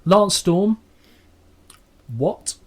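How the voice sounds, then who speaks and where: Sweary, jokey man, slightly high voice. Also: lively intonation, very slow, a little mellow. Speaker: podcast co-host. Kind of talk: casual chat.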